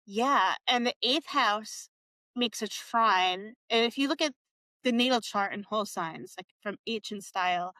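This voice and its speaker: A woman's voice: medium pitch, sharp tone, dry recording. A woman co-hosting a podcast in casual chat, explaining with animation and acting out little quotes. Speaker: podcast co-host.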